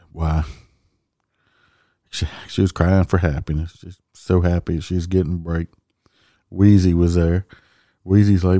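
Low-voiced, profane cop ranting. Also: male voice, steady tone, normal speed, mellow, dry recording, clean studio sound. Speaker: traffic police officer. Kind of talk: casual storytelling monologue.

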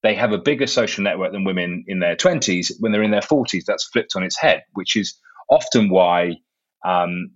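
A low-voiced Englishman in his thirties, a guest author, explains his ideas in a casual interview. He is articulate and explanatory, with small restarts, and the audio sounds dull.

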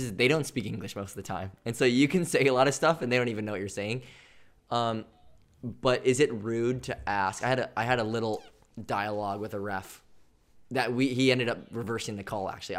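A man who plays volleyball abroad, asking questions with halting restarts in a casual chat. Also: medium pitch.

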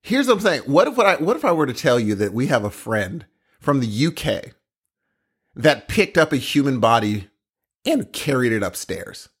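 A man's voice: medium pitch, very animated, moderate pace, slightly rough. A man co-hosting a podcast, chatting and joking in a playful, sing-song way. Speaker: podcast co-host. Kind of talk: casual podcast banter.

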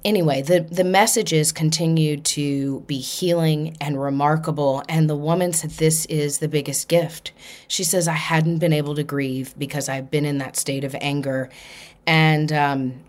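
A woman hosting a spiritual podcast, telling a personal story in an earnest, animated way and acting out the dialogue. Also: low voice, unhurried. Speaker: podcast host.

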